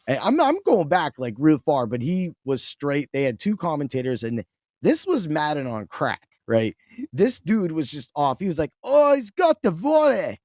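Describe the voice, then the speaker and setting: A man in casual chat as a podcast guest, excitable and rambling, with restarts. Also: fairly high pitch, moderate pace, no room sound, clean studio sound.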